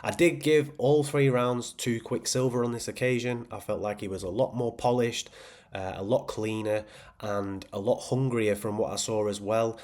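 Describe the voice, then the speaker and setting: A man's voice: medium pitch, steady tone, normal speed, a little mellow. A man judging a rap battle, giving an upbeat, diplomatic verdict to camera.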